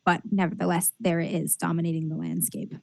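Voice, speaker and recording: A woman's voice: lowish voice, level tone, brisk, creaky, no echo. Woman game master narrating, dry close sound. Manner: descriptive, hesitant with fillers.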